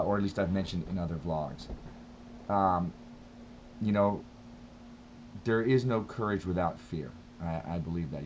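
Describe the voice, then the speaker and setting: Deep-voiced man musing in a vlog. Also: a little mellow, highs cut off, a little hiss or hum. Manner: thoughtful, rambling, with frequent restarts. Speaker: vlogger. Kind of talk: casual reflective vlog monologue.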